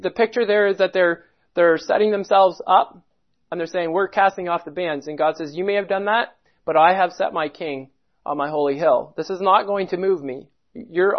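A man's voice: sits high, muffled recording. A man preaching a sermon, earnest, quoting scripture in old-style English. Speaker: pastor.

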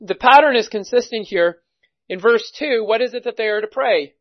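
A man preaching a sermon, teaching at a measured pace and reading scripture passages aloud. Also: sits high, dull audio.

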